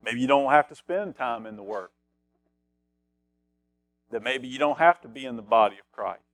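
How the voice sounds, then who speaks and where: A man's voice: medium pitch, moderate pace, a bit bright, no room sound, soft background music. A middle-aged man preaching a conversational sermon as pastor, reading scripture aloud and repeating phrases for emphasis.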